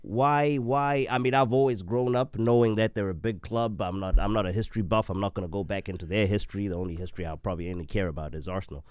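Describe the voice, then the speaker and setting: A man on a podcast panel chatting casually about football, animated and often repeating words as he makes his point. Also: lowish voice, quick pace, few pauses, clear, resonant tone, no echo, studio quality. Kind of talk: casual sports chat.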